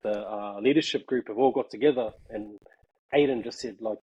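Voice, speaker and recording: A man's voice: medium pitch, brisk, darkish tone, slightly rough, highs cut off. A man telling a story in casual chat, laughing often and saying "bro" a lot. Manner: laughing, slangy, peppers speech with "bro". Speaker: guest.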